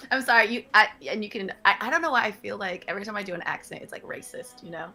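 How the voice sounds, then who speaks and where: A woman's voice: mid-range voice, quick pace, sharp tone. A woman co-hosting a casual morning show, playful and giggly, often apologizing between jokes. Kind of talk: casual chat.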